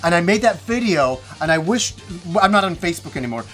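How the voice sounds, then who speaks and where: High-voiced man telling a story. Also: fast talker, soft background music. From Canada. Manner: animated storyteller, swears freely. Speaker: host. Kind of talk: casual chat.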